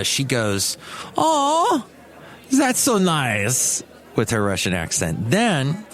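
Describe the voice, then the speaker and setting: Man, mid-pitched, chatty solo podcaster who wanders off on tangents. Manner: rambling, chatty, digressive. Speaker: podcast host and radio DJ. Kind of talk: casual solo podcast monologue.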